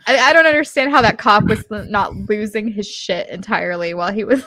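A tipsy woman co-hosting a podcast, chatty and quick to react. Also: medium pitch, bright, forceful tone, no echo. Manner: chatty, easily amazed reactions. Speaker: podcast co-host. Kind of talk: casual chat.

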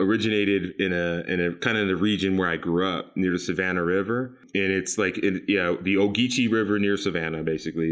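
A man's voice: low-pitched, fairly bright tone. A man from South Carolina, a podcast guest, talking casually and rambling, with frequent laughs. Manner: laid-back, rambling, laughs often.

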